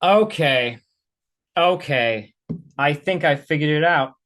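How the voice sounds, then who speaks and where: A man's voice: fairly high pitch, expressive, takes it slowly, a bit bright. A man hosting a reaction video, talking bluntly and swearing freely in casual commentary.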